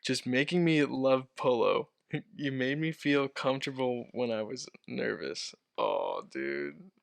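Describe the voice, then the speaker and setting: A young man chatting casually with friends on a podcast, giggly and sheepish, with lots of quick agreement. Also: mid-range voice, creaky, no echo. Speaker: podcast guest. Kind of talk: casual chat among friends.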